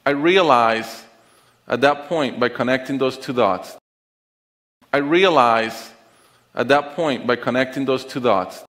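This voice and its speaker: Middle-aged man, mid-pitched voice, earnest heartfelt talk on stage, long auditorium reverb. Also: fairly bright tone. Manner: deliberate, earnest, heartfelt delivery with pauses. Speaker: conference speaker. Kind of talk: personal storytelling talk on stage.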